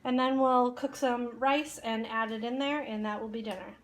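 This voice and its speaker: A woman vlogging casually at home, playful and chatty and quick to laugh. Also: a little high, fairly even intonation, a little hiss or hum. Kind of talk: casual home vlog chat.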